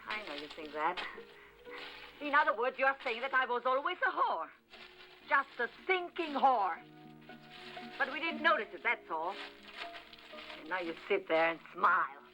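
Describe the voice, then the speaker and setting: A passionate, quick-tempered woman in an old film drama. Her voice is bright and forceful. Faint music plays under her. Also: fairly high pitch, big pitch swings, heavily acted, low-quality recording. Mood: bitter. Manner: hot-tempered, then tender and hushed. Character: fiery, passionate woman, torn between two loves. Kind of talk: 1970s film drama dub.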